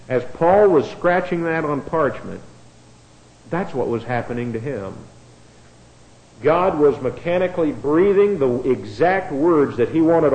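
A man's voice: on the high side, dark tone, roomy sound, poor audio. A man teaching a bible class, spelling out words letter by letter and repeating himself as he explains.

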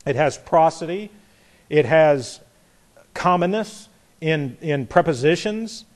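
A man with a slightly high voice leads a Bible study class. He talks deliberately, restarts and repeats words, and puts questions to his listeners. When he reads scripture aloud, he leans on the key words. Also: animated. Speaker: Bible teacher.

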